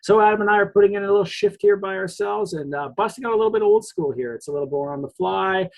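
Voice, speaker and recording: A man's voice: high-pitched, fast talker, gravelly, darkish tone, low-quality recording. A man co-hosting a casual sports podcast, joking and rambling, laughing often. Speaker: podcast co-host.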